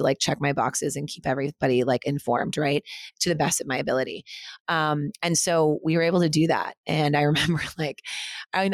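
A woman in her thirties, a guest on an interview podcast, telling a personal story in a rushed, casual way, full of 'like' and 'right?'. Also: sits low, dry recording, studio quality. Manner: rushing, heavy use of 'like'. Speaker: interview guest, studio co-founder.

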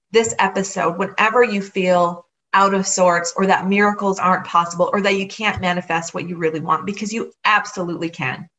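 A woman's voice: medium pitch, fairly bright tone, poor audio. Earnest woman podcast host. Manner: earnest, encouraging storytelling; repeats phrases for emphasis. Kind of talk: motivational solo podcast.

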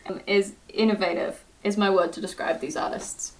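A British woman chatting casually as a podcast co-host. She is giggly and quick to poke fun at herself, at a middling pitch, and she sits a little back from the mic. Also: steady tone, recorded from a distance, low-quality recording. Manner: chatty, giggly, self-deprecating. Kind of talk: casual chat.

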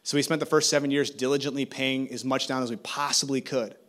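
A middle-aged man from Minnesota preaching as a guest speaker, telling a story with lively energy and acting out each conversation in changing voices. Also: medium pitch, fast talker. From Minnesota, USA. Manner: animated, acts out dialogue with shifting voices. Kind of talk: storytelling sermon.

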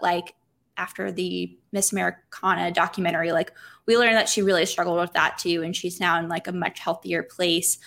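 A woman's voice: fairly low pitch, vocal fry, a bit bright. A woman from South Carolina, a podcast guest chatting casually with many "like" fillers.

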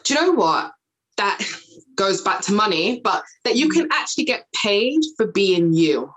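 A woman in her thirties, chatting casually as a podcast guest, animated and often acting out past conversations in a higher voice. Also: normal speed, low-quality recording. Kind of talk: casual chat.

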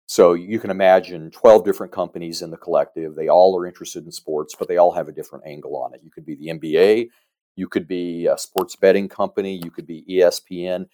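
A middle-aged man, a business advisor, giving a measured, explanatory answer as a guest on a podcast interview. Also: low-pitched, steady tone, warm tone. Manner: measured, explanatory, frequent "you know" fillers.

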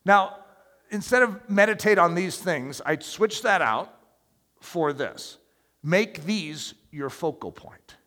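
A man's voice: high-pitched, lively intonation, takes it slowly, a bit bright, in a large hall. A man preaching a sermon in an emphatic, conversational way, asking his listeners questions along the way.

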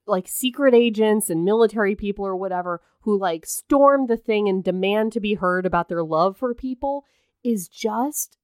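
A woman's voice: medium pitch, moderate pace, a little mellow, clear, resonant tone, no room sound, clean studio sound. A woman in casual chat recapping a film, ranting and mocking characters in funny voices.

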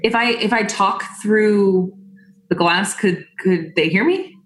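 Slow-talking woman in an echoey room. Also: mid-range voice, slight background noise. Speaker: player. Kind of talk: casual tabletop game play.

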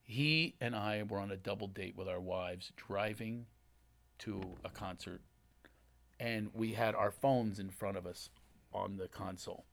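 A man hosting a comedy podcast in a studio, chatting casually and telling stories full of quick impressions. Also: on the low side, gravelly. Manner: animated storyteller, slips into impressions. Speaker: podcast host.

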